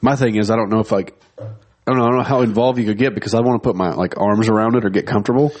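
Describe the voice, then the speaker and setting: A man's voice: on the low side, steady tone, rapid-fire, darkish tone. A man co-hosting a podcast, rambling in casual crude banter and acting out quotes in a raised voice. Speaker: podcast co-host.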